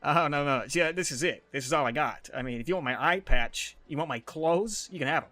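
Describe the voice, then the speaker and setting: A man's voice: on the high side, brisk, hardly any pauses, sharp tone. Stammering man pleading in a tabletop game. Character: nervous one-eyed man with a cane. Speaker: player. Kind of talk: playing a tabletop game in character.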